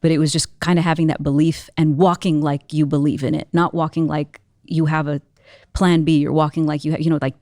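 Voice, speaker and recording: A young woman with a slightly low voice talks as a guest in a relaxed interview. She tells her story earnestly and with animation, piling on fillers as she goes. The sound is close and dry, with no room around it. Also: a little fast, no echo. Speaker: entrepreneur guest. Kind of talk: casual interview conversation.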